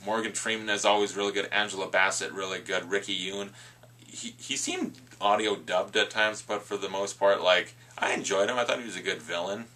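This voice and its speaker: Guy reviewing movies, chatty and rambling, bright lowish voice. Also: animated. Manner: chatty, rambling with asides and quick impressions.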